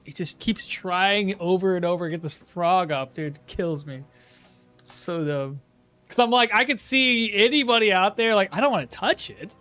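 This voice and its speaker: High-voiced man chatting while gaming. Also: animated, moderate pace, sharp tone, no room sound, soft background music. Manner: rambling, chuckles often, trails off into asides. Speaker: game streamer. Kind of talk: casual live-stream chat while playing.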